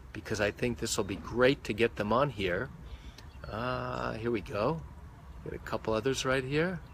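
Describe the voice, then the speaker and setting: A man's voice: mid-range voice, fairly bright tone, a little hiss or hum. A man, a malpractice lawyer, explaining a legal point on a live stream, counting off points one by one, into a phone held close. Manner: methodical, counts points off by number.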